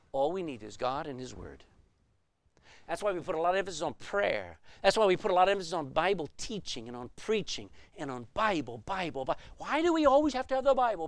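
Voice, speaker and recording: A man's voice: fairly high pitch, no echo. A man preaching a sermon as pastor, emphatic and full of rhetorical questions.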